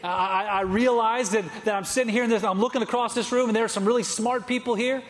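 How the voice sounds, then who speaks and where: A man's voice: very high voice, steady tone, fast, big-room sound. A male pastor preaching a sermon with an emphatic, repetitive cadence, in a large sanctuary.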